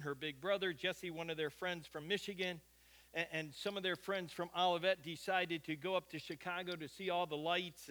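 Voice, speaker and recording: A middle-aged pastor with a high-pitched, sharp voice tells a folksy anecdote in the middle of a sermon.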